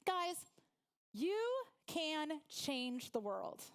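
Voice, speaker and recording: A woman in her forties from Oklahoma gives a humorous motivational talk in a high, bright voice. Her pitch leaps all over as she tells stories and laughs along with the crowd. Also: drawn-out words. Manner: lively storytelling, laughs with the audience. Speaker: guest speaker.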